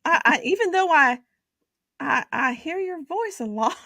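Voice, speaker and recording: A woman hosting a casual chat, talking playfully with a slow, drawn-out delivery. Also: sits high, animated, creaky, bright, forceful tone, dry recording, clean studio sound. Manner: chatty, playful, drawn-out speech. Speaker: host.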